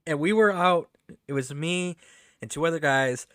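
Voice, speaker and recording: A man's voice: on the high side, normal speed, fairly bright tone, clear, resonant tone, no room sound, studio quality. A man streaming a video game, chatting casually, laughing often and swearing freely as he tells stories. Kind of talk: casual live-stream chat with storytelling.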